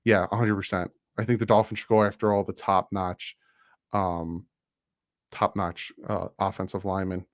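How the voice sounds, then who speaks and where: A man hosts a casual live stream in a fairly low voice. He talks in a loose, chatty way, reading out viewer donations and rattling off sponsor plugs. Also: little pitch movement, normal speed. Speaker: YouTube streamer and channel host.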